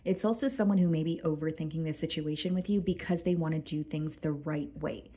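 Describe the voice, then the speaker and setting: A woman giving a casual tarot reading to her viewers, chatty and full of fillers, a bit hoarse and clearing her throat. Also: sits low, fairly quick, dark tone. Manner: chatty, addresses viewers as guys, many fillers. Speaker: tarot reader.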